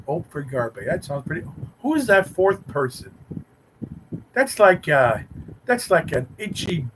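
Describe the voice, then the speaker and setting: A man's voice: a little high, a bit bright, slight background noise, low-quality recording. A man hosting a live stream, chatting with viewers in a teasing, mock-romantic way. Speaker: livestream host reading chat. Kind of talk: rambling playful live chat.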